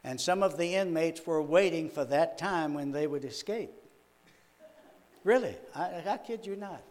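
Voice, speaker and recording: A man's voice: a little high, unhurried, darkish tone. An older man, a minister preaching a sermon in a folksy, chuckling, storytelling way. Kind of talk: sermon with personal stories.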